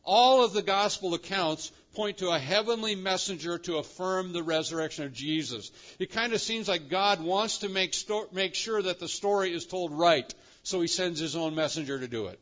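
A man preaching a sermon with dramatic emphasis, slowing down and rising in pitch to stress key words. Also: fairly bright tone, muffled recording. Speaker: pastor.

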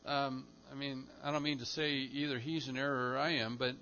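A man preaching a sermon, moving between quiet asides and loud, stressed phrases. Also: mid-range voice, level tone, fairly quick, lo-fi sound. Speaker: pastor.

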